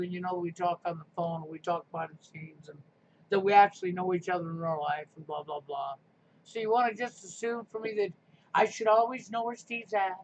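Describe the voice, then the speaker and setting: A man hosting a live stream, delivering a combative, sarcastic rant. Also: high voice. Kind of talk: ranting live stream monologue. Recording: muffled lo-fi stream audio with faint noise.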